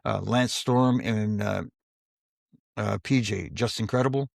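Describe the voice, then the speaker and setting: A man's voice: lowish voice, measured pace, gravelly, dry recording, studio quality. A man, a former wrestling referee, telling casual backstage stories in an interview and acting out the dialogue. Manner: storyteller who acts out quoted dialogue in his tales. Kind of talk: casual anecdotal storytelling.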